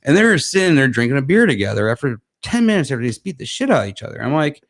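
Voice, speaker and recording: A man's voice: mid-range voice, very animated, rapid-fire, gravelly, hardly any pauses. Rambling man hosting a podcast. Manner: rambling, laughs often, many fillers. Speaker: podcast host. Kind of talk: casual chat, storytelling.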